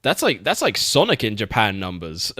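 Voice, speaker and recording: Streaming and talking games, this young adult man is laid-back, swears freely, laughs a lot and repeats words. His lowish voice swings hugely in pitch at normal speed, bright and forceful, with no room sound and studio quality.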